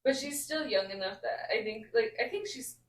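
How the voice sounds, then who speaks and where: A woman's voice: on the high side, moderate pace, a loud crowd. A woman, a podcast host and mother, talking earnestly in casual chat and working through her thoughts with lots of "like". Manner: earnest, talks through ideas with many fillers. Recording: roomy echo.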